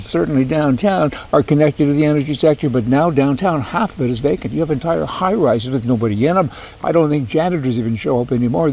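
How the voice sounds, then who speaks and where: A man's voice: on the high side, mellow. A man hosting a political commentary monologue, ranting with sarcastic asides. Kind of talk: opinionated monologue.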